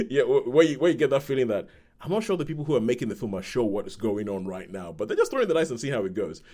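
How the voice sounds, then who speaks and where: Chatty man rambling through a film review. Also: on the low side. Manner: rambling, animated retelling. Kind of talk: casual film review chat.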